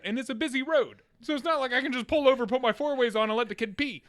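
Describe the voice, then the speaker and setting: The young co-host talks very fast with few pauses, his voice very high, as he laughs through a funny story on a casual podcast. He acts out voices, including a kid's screaming.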